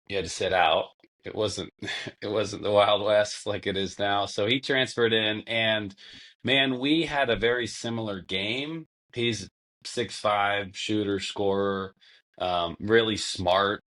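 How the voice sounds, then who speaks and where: A young man with a fairly low voice talks casually as a podcast guest. He tells long stories and often acts out what others said. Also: fairly bright tone. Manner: long-winded storytelling, acts out quotes. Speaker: podcast guest, former basketball player. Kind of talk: casual conversation.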